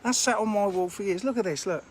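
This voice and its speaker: Holding his phone camera as he live streams, a fishery owner talks fast in a chatty, rambling, self-mocking manner. His voice is high for a man, with a faint hum of noise in the background.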